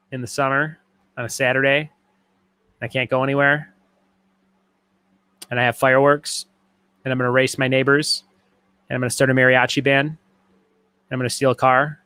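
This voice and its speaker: A man's voice: mid-range voice, a bit bright, smooth, no echo. A man hosting a casual trivia livestream from his garage, joking around and reading out viewer comments between questions. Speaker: trivia host. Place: home garage.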